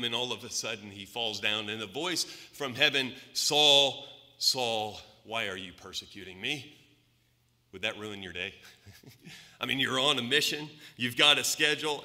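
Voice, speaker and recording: An American man preaching a sermon in a church, emphatic, asking rhetorical questions, his voice swinging between loud and soft. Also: mid-range voice. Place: church sanctuary. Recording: long reverb of a church hall.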